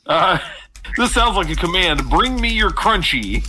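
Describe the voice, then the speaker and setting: A man's voice: sits high, big pitch swings, measured pace, sharp tone, faint music behind. A man co-hosting a casual comedy podcast, joking and giggling through his stories. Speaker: podcast co-host.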